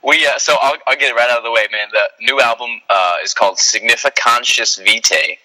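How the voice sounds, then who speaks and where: A man who sings in a band, talking casually as a radio guest, relaxed and rambling with lots of fillers. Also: mid-range voice, brisk, rough recording. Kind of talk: casual phone interview.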